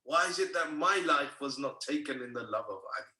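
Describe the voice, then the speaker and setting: A devoted wife pleads through her grief in a bright, raised voice, as a male preacher puts her on. The sound is roomy and distant, picked up from across a room at home. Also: mid-range voice, lively intonation, a little fast. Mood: grieving. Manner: impassioned, pleading. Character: grieving young wife, devoted.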